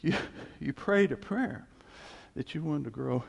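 A man's voice: on the high side, unhurried, vocal fry, husky, long reverb tail. A man preaching a sermon, telling stories and acting out the voices he quotes. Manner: animated storytelling, acts out quoted voices, chuckles.

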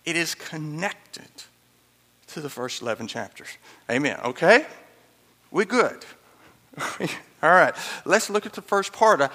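Guy preaching a sermon, bright gravelly voice, swings up and down a lot, long hall echo. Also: on the high side, sing-song, measured pace, long pauses. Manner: emphatic, pleading, with chuckles and asides to the congregation. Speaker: pastor. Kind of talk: expository sermon.

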